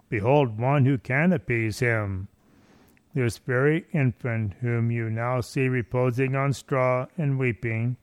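Guy reading old devotional text real slow, smooth voice, solemn and earnest. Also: medium pitch, no echo. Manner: solemn, measured, rising in fervent exclamations. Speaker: reader. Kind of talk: reading a devotional meditation aloud.

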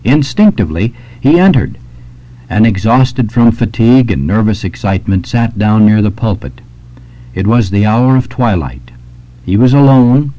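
A man reading a devotional story and exhortation aloud in a measured, solemn way. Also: on the low side, warm tone. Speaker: reader of devotional texts. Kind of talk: scripted narration. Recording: dull lo-fi recording.

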